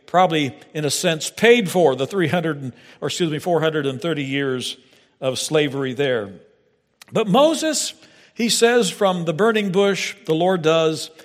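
Animated male preacher in a reverberant hall. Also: on the high side. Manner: animated, dramatic scripture reading with stammering asides. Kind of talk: sermon.

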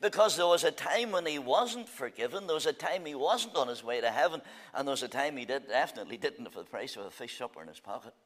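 A man preaching a fervent sermon at a church meeting, swinging between loud declarations and quiet, drawn-out phrases. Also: mid-range voice, animated.

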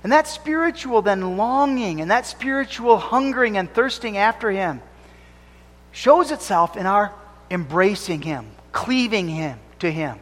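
A man's voice: high voice, sing-song, unhurried, fairly bright tone. A man preaching a sermon as pastor, fervent and emphatic, rising and falling as he drives points home. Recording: long reverb of a church hall.

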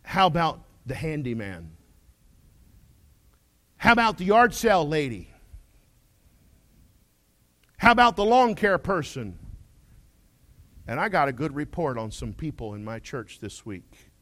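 A male pastor delivers a folksy sermon with a fairly high voice that rises and falls dramatically. He booms out declarations, drops to quiet asides, and keeps throwing questions at his congregation. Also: big pitch swings, unhurried, long pauses. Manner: swings between loud declarations and quiet asides.

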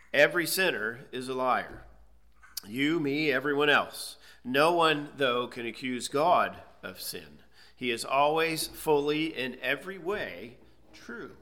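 A man's voice: medium pitch, expressive, a little slow, bright, forceful tone. A man preaching an expository sermon, teaching emphatically and asking rhetorical questions. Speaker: pastor.

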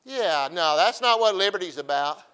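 A middle-aged pastor preaches in a folksy, joking style with a bright, forceful voice a little high for a man. Animated and smooth at a moderate pace, he swings from loud, punchy emphasis to quiet storytelling asides.

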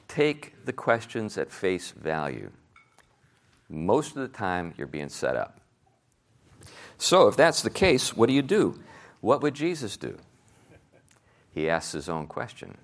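With a lowish voice, a man teaches a Sunday school class in an animated way, throwing rhetorical questions at his listeners and chuckling at his own jokes.

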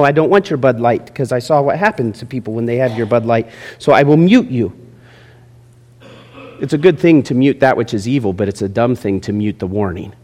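A man preaching a sermon, moving between quiet asides and loud, emphatic points. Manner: animated preaching, swinging from low asides to shouted points. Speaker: pastor. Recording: long hall reverb.

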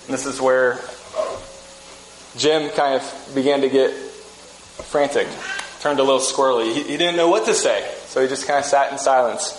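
A man giving a conversational sermon, telling a story with relaxed restarts. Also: medium pitch, slight background noise. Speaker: pastor. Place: church sanctuary. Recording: echoey room with faint ambience.

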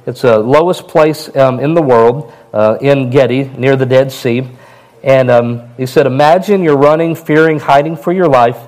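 A man preaching a sermon in a plain, conversational way, his voice a little hoarse. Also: mid-range voice, a little mellow, rough recording. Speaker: pastor.

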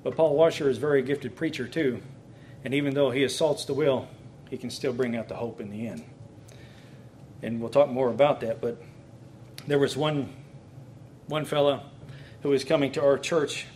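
A man, a pastor, giving a teaching talk on preaching in a lively, conversational way, with bursts of excitement. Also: mid-range voice, unhurried, long pauses, a little hiss or hum.

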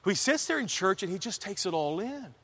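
A man preaching a sermon in a chapel, telling a story with animated, fervent emphasis. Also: high-pitched, a little fast, slight background noise. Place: college chapel. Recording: long reverb of a large hall.

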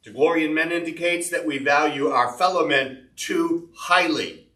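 Preaching pastor in an echoey church. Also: male voice, on the high side, normal speed, bright, forceful tone. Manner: earnest expository preaching, reading scripture aloud. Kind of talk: sermon. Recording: echoey church room, mic at a distance.

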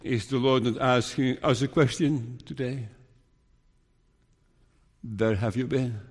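A man preaching a sermon, telling a Bible story in an earnest, measured way and pleading with his listeners. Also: medium pitch, steady tone, slightly rough. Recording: long reverb of a large hall.

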